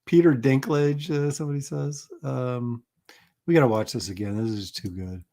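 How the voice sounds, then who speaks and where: A middle-aged man hosts a laid-back livestream, chuckling and rambling as he reacts to clips and reads out viewer comments. His voice has a gravelly, fry-laden edge at an ordinary pitch. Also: fairly even intonation, moderate pace, dark tone. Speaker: livestream host. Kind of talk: casual livestream chat.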